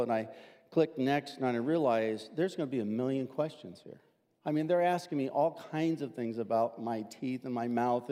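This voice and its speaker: An older man, a pastor, telling a personal story in a sermon, animated and acting out the voices he quotes. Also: medium pitch, big-room sound.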